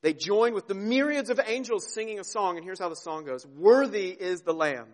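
A man preaching a sermon, earnest and heartfelt, dropping to a hush and then rising to emphasis, often repeating words as he goes. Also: sits high, lively intonation, a little fast. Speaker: pastor.

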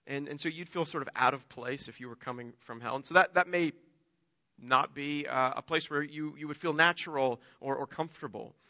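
A man's voice: a little high, fairly quick, bright, forceful tone, muffled recording. A man preaching a sermon, retelling a story earnestly and often repeating words as he restarts his phrasing.

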